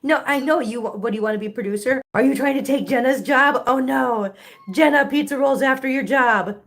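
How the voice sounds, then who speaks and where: A woman's voice: high voice, brisk. A middle-aged woman hosting a casual livestream, chatting to viewers and cooing baby talk at her kittens. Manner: answers viewer comments aloud. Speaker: livestream host with cats.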